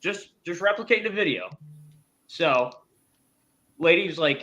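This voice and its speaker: A man's voice: on the high side, lively intonation, unhurried, long pauses, bright, forceful tone. A man co-hosting a sports podcast, telling a jokey rambling story. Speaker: podcast co-host. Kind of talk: casual sports podcast banter.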